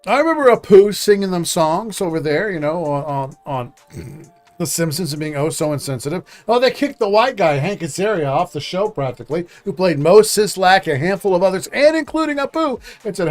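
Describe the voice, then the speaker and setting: A man hosting a reaction commentary show, sarcastic, mocking and profane. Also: high-pitched.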